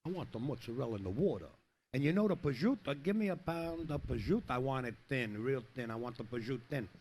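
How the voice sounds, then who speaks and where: Man doing a brash loud deli customer. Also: medium pitch, animated, fast talker, husky. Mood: demanding. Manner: brash, demanding. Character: man loudly faking a swaggering Italian-American deli customer.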